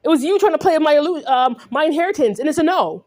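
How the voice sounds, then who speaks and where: In a fast, expressive rant, a Californian vlogger with a high, slightly mellow voice confronts the camera angrily. She circles back over the same points and keeps tossing in "right?".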